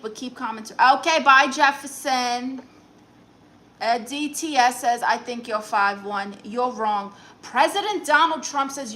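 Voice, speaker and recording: Bright, brassy Brooklyn woman. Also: fairly high pitch. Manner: brassy, sassy, teasing banter. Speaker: comedian reading live chat comments. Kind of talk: live-stream chat in a sassy aunt persona.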